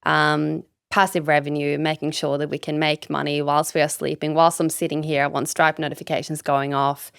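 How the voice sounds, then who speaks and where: A woman's voice: deep voice, little pitch movement, moderate pace, creaky, few pauses, clean tone, no echo, studio quality. A woman from Sweden, a business coach talking as a guest on a podcast, candid and emphatic, swearing freely and leaning on "like" and "you know". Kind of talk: casual podcast interview.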